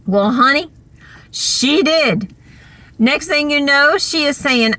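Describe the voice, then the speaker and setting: Slow-talking bright-voiced woman telling a story. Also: sits high, dry recording. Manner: animated, chatty, uses lots of fillers. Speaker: vlogger. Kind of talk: casual storytelling.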